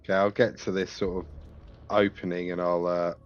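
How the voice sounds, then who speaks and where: A man's voice: low-pitched, flat delivery, normal speed, dull audio, slight background noise. A man playing a tabletop game, speaking casually with hesitations. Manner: hesitant, many fillers. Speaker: player.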